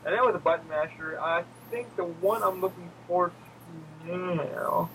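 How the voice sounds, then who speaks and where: A man's voice: unhurried, a little hiss or hum, low-quality recording. A man on a casual gaming podcast, telling stories animatedly and acting out quotes in squealing voices, swearing freely. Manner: animated storyteller who acts out quotes in squealing high voices, swears a lot. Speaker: podcast co-host.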